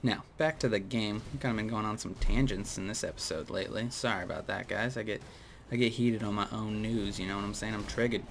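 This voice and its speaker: A man giving casual gameplay commentary, going off on opinionated tangents and talking straight to viewers, with a dry mouth that keeps him clearing his throat. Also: on the low side, brisk, a little hiss or hum. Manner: rambling, opinionated tangents, addresses viewers directly. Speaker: gaming video host.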